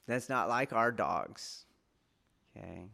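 A man teaching martial arts students in an informal, rambling lecture, often laughing and checking whether they follow, growing loud when he presses a point. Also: lowish voice, slow, vocal fry. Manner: rambling, laughs often, asks "do you see?".

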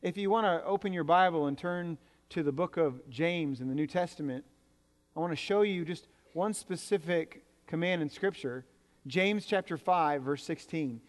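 At a normal speed and a fairly high pitch, a pastor preaches in a church sanctuary whose reverb fills the recording. He speaks to the congregation conversationally, adding jokes and repeating words.

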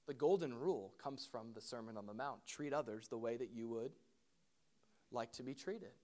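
A middle-aged man, a pastor, preaching a sermon in an animated way, with questions and asides to the congregation. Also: medium pitch, moderate pace.

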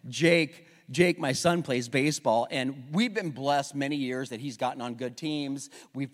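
A middle-aged male pastor preaching an animated, conversational sermon full of rhetorical questions, in a church with long reverb. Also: on the high side. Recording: long reverb of a large hall.

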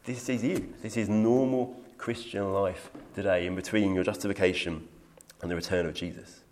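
A man's voice: low-pitched, steady tone, moderate pace, darkish tone, a little hiss or hum. A man teaching through a Bible passage in an earnest, emphatic way, quoting scripture and taking questions. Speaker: preacher.

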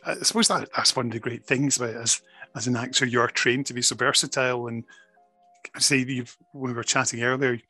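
A man hosts the interview, asking friendly, prepared questions. His voice is bright and forward, with a husky edge. Faint music sits under his speech. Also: mid-range voice, steady tone, brisk, no echo. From Scotland.

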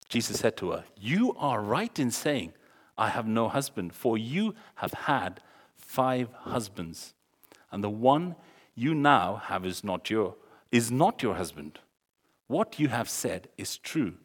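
A man preaching a sermon in a large hall, his voice trailing off in long reverb. His delivery swoops up and down with animation. He acts out the dialogue and breaks into sudden loud exclamations. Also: lowish voice, very animated, slow pace.

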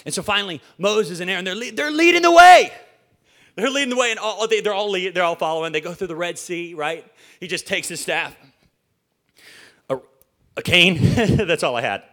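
A man's voice: high-pitched, a little fast, sharp tone. A man preaching a casual, joking sermon from a church stage, chatty and playful, with stammered restarts and questions to the congregation.

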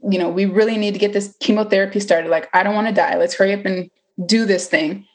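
Young woman in her twenties, candid and chatty storyteller, mid pitch. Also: steady tone, fast. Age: 20s. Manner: candid, chatty, full of fillers and acted-out quotes. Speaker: cancer survivor telling her story. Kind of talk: personal storytelling.

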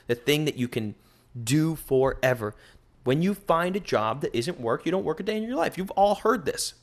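A man hosting a solo podcast, rambling in an animated, profane way into a microphone. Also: medium pitch. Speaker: podcast host.

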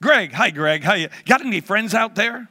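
A man's voice: high-pitched, expressive, normal speed, pushed and bright, a little hiss or hum. A man in his sixties, a guest preacher leading a playful children's talk in a church, teasing the audience like a game-show host. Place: church hall.

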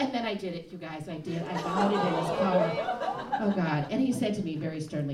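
A woman in her thirties with a Chicago accent tells a funny story on stage, animated and laughing through her punchlines. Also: on the low side, fast talker, distant mic, a crowd in the background. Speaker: stand-up comic. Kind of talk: live stand-up storytelling. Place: comedy club stage. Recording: roomy live club recording with audience noise.

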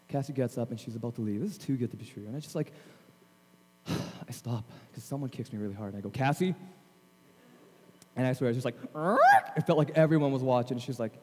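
A man in his thirties, a guest chapel speaker, telling self-deprecating stories in a lively, animated way. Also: fairly high pitch. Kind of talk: storytelling chapel sermon. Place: large chapel hall. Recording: long hall reverb.

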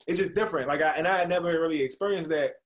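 A man in his thirties from Washington, DC, a guest telling a story in casual conversation. He is animated and slangy and acts out the voices he quotes. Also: fairly high pitch, rapid-fire.

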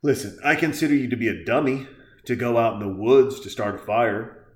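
A man's voice: medium pitch, fairly quick. A man hosting a podcast, delivering a crude, heated and sarcastic rant as casual commentary. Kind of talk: profane ranting commentary. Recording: echoey room.

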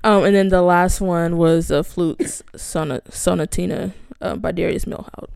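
A woman's voice: fairly low pitch, steady tone, normal speed, gravelly, darkish tone, clean tone, no echo, clean studio sound. A young woman co-hosting a casual chat, laid-back and teasing, who laughs often. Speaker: podcast co-host.

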